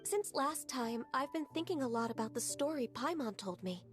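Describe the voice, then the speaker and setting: A gentle, shy young woman in a video game, soft-spoken and hesitant, pausing to find her words. Her voice sits fairly high, with faint music underneath. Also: animated. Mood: earnest. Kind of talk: game voice acting.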